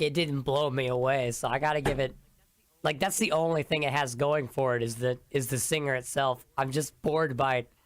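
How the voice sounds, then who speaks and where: Young male co-host, slightly high-pitched, wisecracking and opinionated. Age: young adult. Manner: joking, chatty, opinionated. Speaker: podcast co-host. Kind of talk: casual chat.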